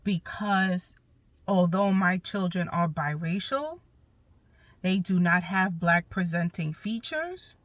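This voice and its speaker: A woman's voice: fairly low pitch, expressive, slow, dry recording. A woman in her thirties hosting a podcast, telling a personal story in a candid, emphatic way with some blunt cursing. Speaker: podcast host.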